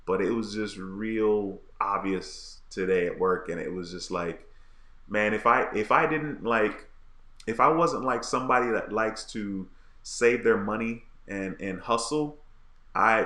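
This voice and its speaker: A man's voice: on the low side, pushed and bright. A man hosting a casual livestream, reading viewer comments in a laid-back, frustrated, slangy way. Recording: echoey room.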